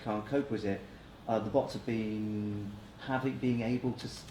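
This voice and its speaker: A man on a panel giving an example in a halting, measured way. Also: fairly low pitch, fairly even intonation, mellow. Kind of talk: panel discussion. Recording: echoey noisy room.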